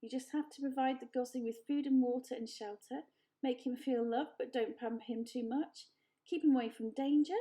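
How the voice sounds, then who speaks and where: A woman's voice: high voice, dark tone. Woman doing a bossy old goose. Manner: brisk, scolding and matter-of-fact.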